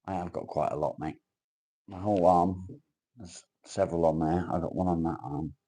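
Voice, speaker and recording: A man speaks in a deep, husky, mellow voice as he hosts a casual live chat. He reads comments aloud and answers with crude, teasing banter. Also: fairly even intonation, moderate pace. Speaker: livestream host.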